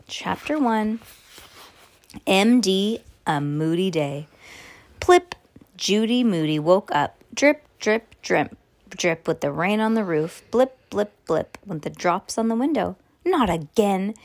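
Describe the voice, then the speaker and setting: Woman podcaster, casual read-aloud of a kids' book, chatty. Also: on the low side. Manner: chatty, with offhand asides. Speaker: podcast host reading a children's book. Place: bedroom on a windy day.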